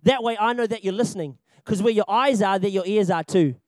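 In a strikingly high voice and at a slightly fast clip, a young man runs a church training talk on children's ministry. Jokey and animated, he laughs often and hammers home his key points by saying them again. The close recording is dry, with no room sound.

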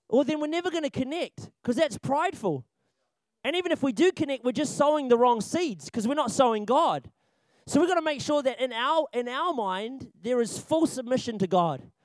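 Man, very high voice, dry close sound, young adult, children's ministry trainer, jokey and animated, repeats points. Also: no room sound. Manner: animated and jokey, laughs often; repeats key points for emphasis. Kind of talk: church training talk.

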